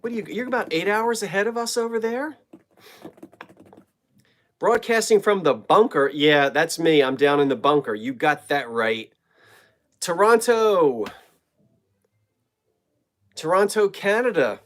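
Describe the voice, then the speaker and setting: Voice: mid-range voice, normal speed, fairly bright tone. A middle-aged host from New Jersey, chatting casually on a live stream from a home basement and greeting viewers by name.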